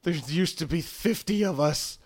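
A man's voice: on the high side, normal speed, darkish tone, voice pushed up, natural voice. A man voicing a wary, worn-down male prisoner who wants to escape, in a tabletop game. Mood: desperate. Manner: wary, pleading.

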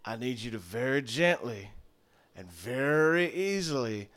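GM doing a calm healer giving careful orders, tabletop NPC voice. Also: male voice, medium pitch, voice pushed down. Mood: instructing. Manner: calm, instructing, measured. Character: calm male healer at work.

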